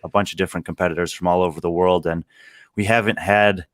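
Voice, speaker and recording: Deep, measured male co-host. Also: steady tone, no echo, studio quality. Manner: measured, thoughtful. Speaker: podcast co-host. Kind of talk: casual podcast chat.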